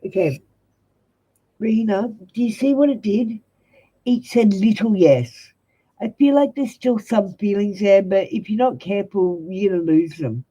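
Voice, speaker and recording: A woman's voice: mid-range voice, lively intonation, measured pace, mellow, slightly rough, poor audio. A young Australian woman reading tarot live for viewers, giving blunt, direct advice. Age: young adult. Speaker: tarot reader.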